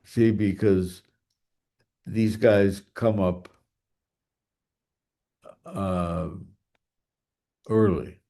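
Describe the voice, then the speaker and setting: A man delivers a mathematics lecture at a slow, halting pace, pausing on fillers and restarting his sentences as he thinks aloud. His voice sits low and sounds mellow rather than bright. At times he sounds farther off, as if turned toward the board. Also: steady tone.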